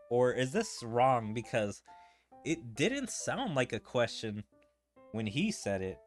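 Guy streaming a game, talks slow and lively, kinda thinking out loud, faint music behind. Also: mid-range voice. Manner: musing, thinking aloud to himself. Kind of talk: casual gameplay commentary.

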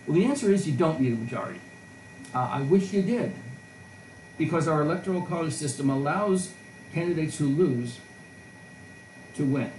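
A man's voice: a little high, expressive, moderate pace, long pauses, a little mellow, far from the mic, slight background noise. A man lecturing as a professor in a conversational, storytelling way, often restarting his sentences. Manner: discursive, storytelling, frequent restarts. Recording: roomy echo, voice a bit off-mic.

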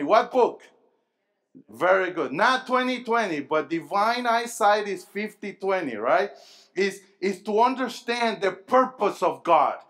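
A man preaching a sermon to young people, asking the congregation questions and calling for answers, moving between low, quiet stretches and loud emphatic bursts. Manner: call-and-response, asking the crowd questions. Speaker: pastor. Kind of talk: sermon to a youth rally.

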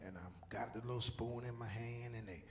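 A pastor preaching in a church, with a gravelly, rough edge to his voice. He swings from ringing shouts down to near-whispers, and a faint hiss sits behind him. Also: medium pitch, fairly even intonation, brisk. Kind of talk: sermon. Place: church sanctuary.

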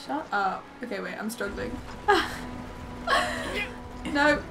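A woman chatting excitedly while playing a game on a live stream, gasping and giggling and reading game text aloud. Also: medium pitch, slow, music in the background, poor audio. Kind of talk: casual live-stream chat.

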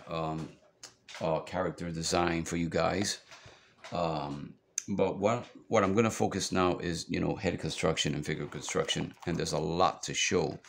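A man's voice: low voice, creaky, a little hiss or hum. A man giving a casual, rambling drawing tutorial, chatty and full of fillers as he works through a book. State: hiccups. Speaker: drawing instructor.

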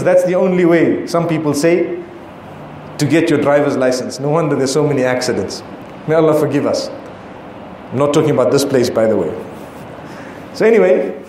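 A middle-aged Islamic preacher delivers an emphatic sermon packed with rhetorical questions, his voice very high-pitched with a darkish tone. The recording comes from an echoey hall with faint ambience and slight background noise.

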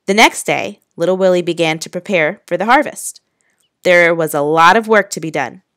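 A woman teacher reads a children's novel aloud in a clear, measured way. Her voice sits on the low side. The sound is close and dry. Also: fairly bright tone, no room sound.

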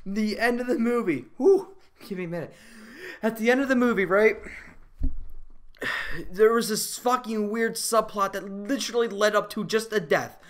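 A movie reviewer ranting casually about a film, profane and exasperated, laughing often and getting loud at times. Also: medium pitch, moderate pace, pauses often. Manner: animated, rising to loud outbursts.

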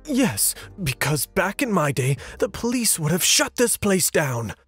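A man doing a shrill, indignant old woman. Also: big pitch swings, unhurried, a bit bright, husky, faint music behind, exaggerated voice. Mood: outraged. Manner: demanding, huffy and whiny.

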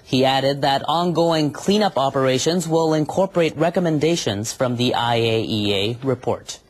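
A man reading a broadcast news report in a measured, formal way. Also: medium pitch.

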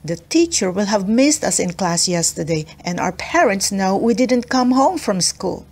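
A woman voicing a calm, sensible young girl, steady and reassuring, in a storybook read-aloud. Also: mid-range voice, normal speed.

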